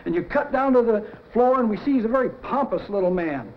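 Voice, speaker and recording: High-voiced animated cartoon story man. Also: fairly quick. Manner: animated, acting out sound effects. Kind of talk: pitching a storyboard. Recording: dull lo-fi 1950s TV audio.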